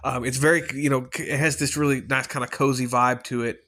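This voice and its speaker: A man's voice: mid-range voice, flat delivery, fairly quick, pushed and bright. A man giving a casual spoken movie review, chatty and rambling, with many fillers and casual swearing.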